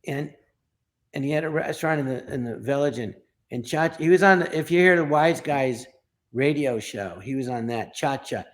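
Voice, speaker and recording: A man's voice: mid-range voice, moderate pace. A middle-aged man from Los Angeles, a comedian guest telling a story in an interview and acting out the quoted lines. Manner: animated storyteller, acts out quoted dialogue.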